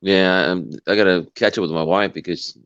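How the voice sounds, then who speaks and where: Deep-voiced man in a casual stream chat. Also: fairly even intonation, normal speed, fairly bright tone, clean tone, no echo. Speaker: guest on a livestream. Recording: dull lo-fi stream audio.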